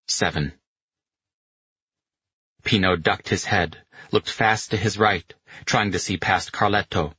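A man narrating a novel in a steady, measured way. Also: deep voice, slightly rough, no room sound, muffled recording. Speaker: audiobook narrator. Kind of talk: scripted narration of a war novel.

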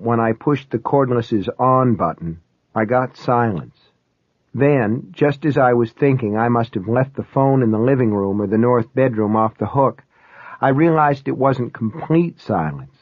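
Guy reading a novel, wry and measured, sounds like it's over a phone. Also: medium pitch, lively intonation, dry recording. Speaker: audiobook narrator. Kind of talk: first-person novel narration. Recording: tinny, phone-like, dry.

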